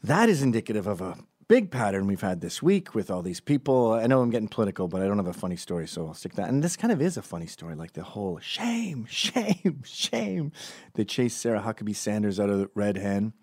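A man hosting a comedic political monologue, sardonic and animated, slipping in and out of mocking impressions and swinging between loud and hushed delivery. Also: lowish voice, fast, few pauses, no room sound, studio quality.

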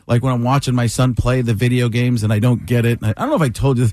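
A man in his forties from Wisconsin, a comedian telling animated, laughing stories in an interview. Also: mid-range voice, fast, no room sound, studio quality. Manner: animated, laughing storyteller who acts out voices. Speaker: comedian guest. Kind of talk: casual storytelling interview.

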